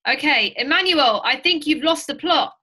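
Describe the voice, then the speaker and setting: A woman giving a sales training to a group, animated and direct, teaching through stories. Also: sits high, normal speed. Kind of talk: lively training talk to a group.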